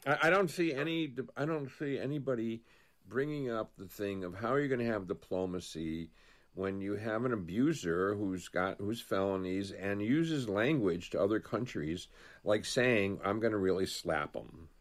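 A man talking politics in a casual chat, rambling with frequent restarts and trailing phrases. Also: fairly low pitch. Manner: rambling, halting, many restarts.

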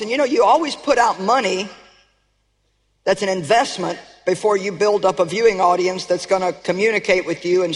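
Emphatic woman preacher in a reverberant hall. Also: mid-range voice. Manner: emphatic, calls out to the congregation; storytelling, rising to shouts. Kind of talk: sermon.

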